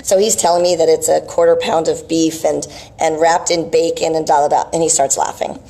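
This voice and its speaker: A woman's voice: sits low, flat delivery, brisk, creaky, mellow. A woman vlogging about health, telling a rambling story in a casual, chatty way and checking in with "right?" asides.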